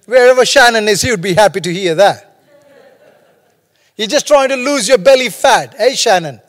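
A man's voice: sits high, expressive, normal speed, in a large hall. A man preaching a sermon as pastor, talking conversationally and joking between stories. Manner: humorous, conversational preaching with storytelling asides.

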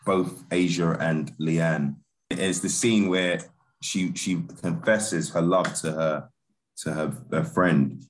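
A man, a film director, chatting in a relaxed interview, laid-back with many restarts and fillers. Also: sits low, slow pace.

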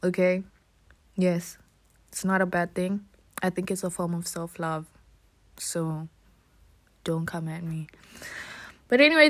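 A young woman hosting a casual solo podcast into her phone, chatty and self-mocking, laughing often. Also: medium pitch. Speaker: podcast host.

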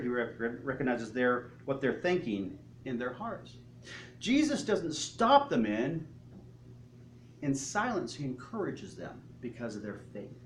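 A male pastor preaching a sermon, telling the story in an animated way and asking the congregation questions. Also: a little high, slight background noise. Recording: echoey hall, faint ambience.

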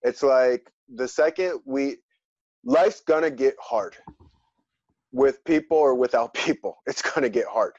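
A man answering as an interview guest, speaking earnestly and in a measured way. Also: medium pitch, a little mellow, dry recording. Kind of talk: reflective interview talk. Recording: dry, dull lo-fi sound.

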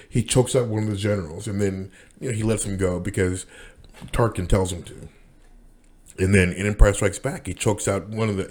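A man's voice: fairly low pitch, a little mellow. A man rambling through a casual monologue as podcast host, with many restarts and fillers.

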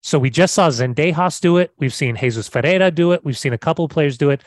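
A man's voice: on the high side, quick pace, no room sound. A man co-hosting a casual football podcast, brash and emphatic, swearing casually. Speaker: podcast co-host.

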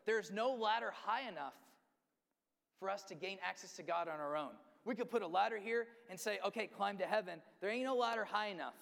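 A man's voice: high voice, expressive, fairly quick, creaky, a bit bright. Guy preaching a sermon, emphatic, repeats his words, long echo like a big hall. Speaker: pastor.

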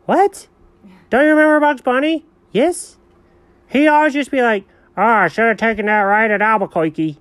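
A man voicing an excitable, chatty male house cat who is a nosy busybody, talking in a squealing, gushing way. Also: very high-pitched, a little fast, no echo, pitched above the performer's own voice. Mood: excited.

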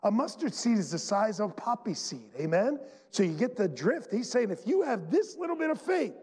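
A man pastor preaching a sermon to his church, emphatic and full of dramatic pauses. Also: high voice, very animated, a little mellow, slightly rough. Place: church sanctuary. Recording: long reverb in a large hall.

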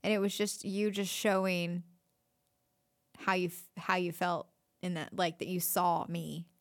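A woman co-hosting a casual podcast with her partner, talking softly and letting her sentences trail off. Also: on the low side, little pitch movement, a little slow, no room sound, studio quality. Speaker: podcast co-host. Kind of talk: casual couple's podcast chat.

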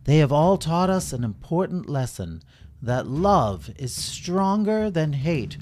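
A man's voice: on the high side, big pitch swings, darkish tone, pitched above the performer's own voice. A man voicing a stately male king who gives a formal, ceremonious speech. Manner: slow, ceremonious speech-making.

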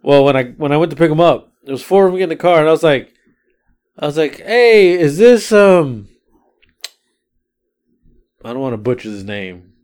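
A man co-hosting a casual podcast, telling relaxed stories about his rideshare rides. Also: a little high, brisk, long pauses, clear, resonant tone. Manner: relaxed storyteller, swears casually. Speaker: podcast co-host; rideshare driver. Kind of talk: casual chat.

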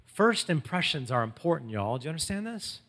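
A man preaching a sermon, telling the story in a lively, casual way and acting out quotes in everyday slang. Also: fairly high pitch, a little fast, big-room sound. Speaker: pastor.

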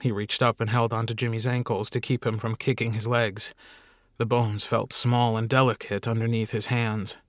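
A man narrates a short story in an even, steady way. The recording is close and dry, with no room sound. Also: medium pitch, normal speed, dry recording. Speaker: audiobook narrator. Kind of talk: scripted narration.

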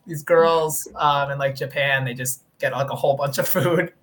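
A man's voice: medium pitch, fairly even intonation, a little slow, a bit bright. A man co-hosting a casual chat, joking and laughing often. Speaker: podcast co-host.

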